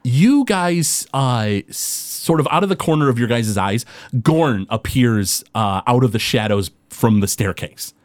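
A man runs a tabletop game, narrating in a loose, rambling way full of filler words. His pitch swings lively up and down, and the recording is dry and close. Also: a little slow, no room sound. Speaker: game master.

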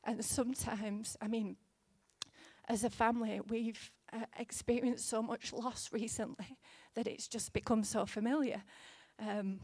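A woman in her thirties delivers a sermon, earnest and gently conversational. Her voice sits a little high and is caught close with no room sound. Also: fairly even intonation, unhurried, dry recording. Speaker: preacher.

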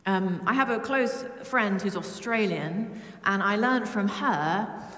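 A woman's voice: mid-range voice, slow. Woman preaching in an echoey church. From Britain. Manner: humming song snippets; lively and humorous. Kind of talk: sermon. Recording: echoey church with long reverb.

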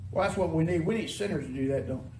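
A man preaching a sermon in an animated, conversational way, full of rhetorical questions. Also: fairly high pitch, very fast. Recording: echoey room, distant mic, faint noise.

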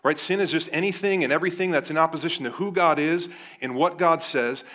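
A man in his thirties preaching a sermon as pastor, animated, often calling his listeners "guys". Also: fairly high pitch, fast talker. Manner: animated, addresses the crowd as guys.

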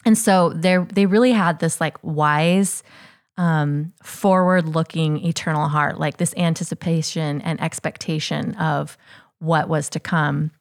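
Woman with a real low voice, thoughtful, lots of "you know" and "like". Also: fairly even intonation, unhurried. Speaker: podcast co-host. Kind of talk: reflective faith conversation.

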